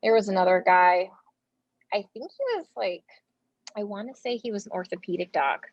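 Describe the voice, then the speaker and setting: An American woman, a nurse, talks casually in an interview and tells lively stories, acting out quoted dialogue with plenty of fillers. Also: medium pitch, moderate pace, slight background noise. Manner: animated, acts out quoted dialogue; casual speech with frequent fillers. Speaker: front line nurse, interview guest. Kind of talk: conversational interview storytelling. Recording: dull lo-fi sound, dry room.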